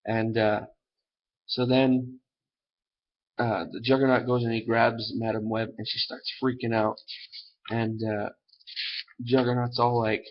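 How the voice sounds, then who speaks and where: A man's voice: mid-range voice, level tone, a little slow, pauses often, highs cut off. A man casually retelling a comic book plot in a rambling way, full of fillers and loose asides. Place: at home.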